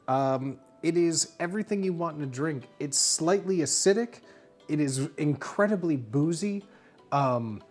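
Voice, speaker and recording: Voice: medium pitch, darkish tone. A streamer acting as a bartender in a comedic livestream, rambling playfully and stumbling over fillers. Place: home streaming setup.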